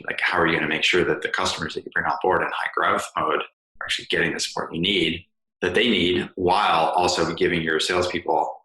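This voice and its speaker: Deep-voiced man host, bright and echoey. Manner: casual, rambling, many fillers. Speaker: podcast host. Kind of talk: podcast interview. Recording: roomy echo.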